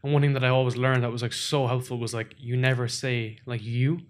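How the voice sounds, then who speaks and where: A man's voice: mid-range voice, little pitch movement, fairly quick. A man hosting an interview and asking questions in a loose, casual way, filling his talk with "like" and "whatever". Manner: casual, leans on fillers like "like" and "whatever". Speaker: podcast host.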